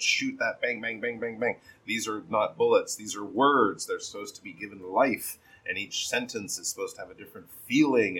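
A man teaching pronunciation, giving patient feedback on a learner's reading and modelling sentences slowly with strong stress. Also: fairly low pitch, a bit bright, husky, rough recording.

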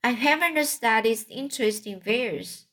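A woman's voice: on the high side, normal speed, fairly bright tone. A woman voicing a greedy, grumbling male rat in a storybook reading.

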